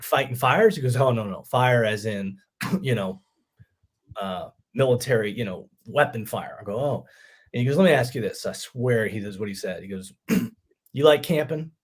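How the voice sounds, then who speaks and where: A middle-aged army veteran telling his story casually in an interview, peppering it with "man" and acting out what others said. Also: mid-range voice. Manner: animated, acts out quoted voices, lots of "man". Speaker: podcast guest, army veteran.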